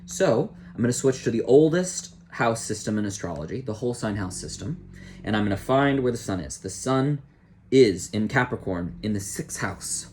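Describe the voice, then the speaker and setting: A man's voice: lowish voice, lively intonation, normal speed, darkish tone, slight background noise. A young man, an astrologer, chatting casually on a live stream, rambling and joking to himself as he reads a chart. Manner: rambling, self-talking, jokey.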